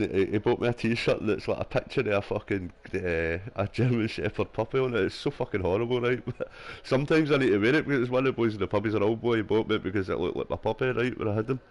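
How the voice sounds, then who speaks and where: A young man, chatting casually and rambling with lots of fillers and swearing while he plays a game. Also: on the low side. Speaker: gaming streamer. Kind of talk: casual chat while gaming.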